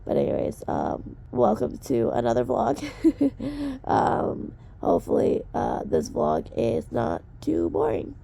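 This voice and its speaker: A sick woman vlogger with a hoarse, drowsy voice, chatting casually. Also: a little high, huge pitch swings, takes it slowly, mellow. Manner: drowsy, croaky talk. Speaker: book vlogger. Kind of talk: casual vlog chat.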